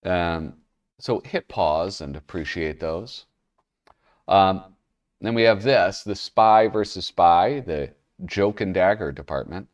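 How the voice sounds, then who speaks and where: Male host, lowish and expressive, chatty magazine flip-through, slightly off-mic. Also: takes it slowly, distant mic, dull audio. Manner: rambling, self-interrupting, chuckling asides. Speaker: comic magazine reviewer, show host. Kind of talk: casual commentary while flipping pages.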